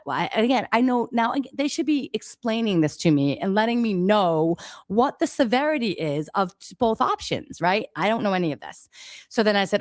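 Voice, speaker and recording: A woman's voice: medium pitch, sing-song, brisk, dry recording, studio quality. A middle-aged woman, a daycare owner, telling her story on a radio interview in an emphatic, exasperated way, acting out the exchanges.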